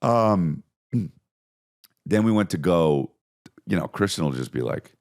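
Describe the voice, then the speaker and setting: Male comedy podcast host, low gravelly voice, wildly swinging pitch, profane rambling storyteller. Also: slow. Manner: animated, profane, jumps into bits and voices.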